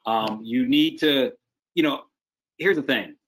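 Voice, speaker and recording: A man's voice: mid-range voice, a little slow, a bit bright. A man working as a casting director, giving direct, emphatic advice in a video-call interview.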